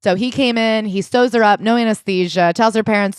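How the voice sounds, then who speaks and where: A woman co-hosting a casual book-club podcast, retelling a story in an animated way with quoted voices. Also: mid-range voice, brisk, few pauses, smooth, no room sound, clean studio sound. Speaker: podcast co-host.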